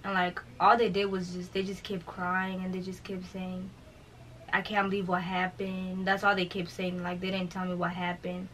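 A woman's voice: fairly low pitch, completely flat delivery, moderate pace, few pauses, a bit bright, a little hiss or hum, rough recording. A young woman talking casually in an interview, telling a personal story and quoting others, with many fillers. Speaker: vlogger telling her story.

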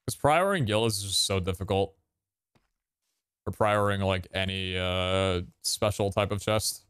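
A man giving casual gameplay commentary, excitable and swearing, with sudden loud outbursts and a voice that cracks. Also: low voice, a little slow, smooth, dry recording. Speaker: gaming streamer.

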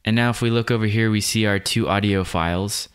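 A man talking through a software tutorial step by step, relaxed and explanatory, as a voice-over. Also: fairly low pitch, a little fast, clear, resonant tone. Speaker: video editing tutorial host. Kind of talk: screen-recorded software tutorial.

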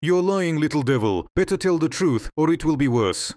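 A man's voice: on the high side, animated, normal speed, no room sound, voice pushed up, natural voice. Man doing a hysterical scolding mother. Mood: furious. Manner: shouting, scolding. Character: hysterical harsh mother, shrill temper.

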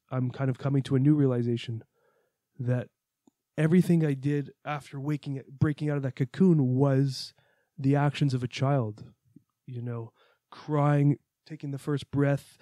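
A man's voice: medium pitch, warm tone, no room sound, clean studio sound. A man hosting a podcast, recounting a personal experience in an earnest, reflective way, with the odd curse. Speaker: podcast host. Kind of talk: personal storytelling monologue.

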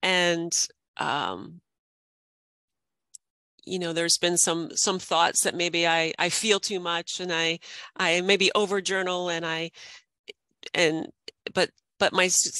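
Podcast guest, woman in her 50s, coach; bright voice, dry sound, earnest and reflective. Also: fairly low pitch, dry recording. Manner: reflective, earnest, laughs often. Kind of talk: podcast interview.

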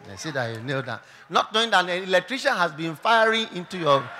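Ghanaian pastor preaching, high bright voice, swings from hush to shouting. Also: male voice, big pitch swings, brisk, slight background noise. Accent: Ghanaian English. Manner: dramatic, swinging between hushed and shouted. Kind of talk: sermon. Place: church service hall.

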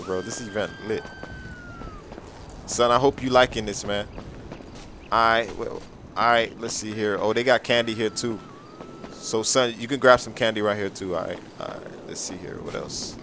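A young man giving casual, excitable game commentary, full of slang and repeated reactions. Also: on the low side, normal speed, slight background noise. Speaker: gameplay commentator.

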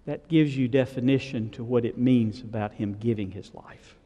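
A man's voice: medium pitch, moderate pace, dark tone, long reverb tail, dull audio. A man preaching a sermon, retelling scripture in a conversational way and asking the congregation questions. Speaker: pastor. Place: church sanctuary.

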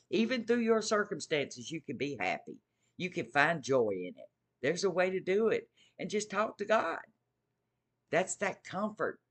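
Guy preaching to his viewers, earnest and eager, voice sits mid pitch, keeps repeating himself. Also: fairly bright tone. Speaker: Christian video host.

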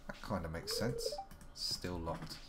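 Slow and deep-voiced, a male game streamer keeps up a wry, casual running chat with himself while playing live, over very heavy noise.

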